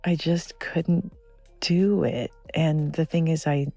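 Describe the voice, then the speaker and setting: A man's voice: on the high side, mellow, no room sound. A man in his forties whispering outdoors in a redwood forest, rambling and self-deprecating. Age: 40s. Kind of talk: casual whispered vlog monologue.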